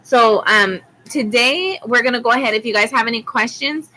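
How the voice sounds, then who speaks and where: An Arizona woman with school-age kids does a rambling, chatty tarot reading on a live stream, dropping frequent ums. Her fairly high voice moves at a moderate pace, bright and forceful. The low-quality recording carries a little hiss or hum.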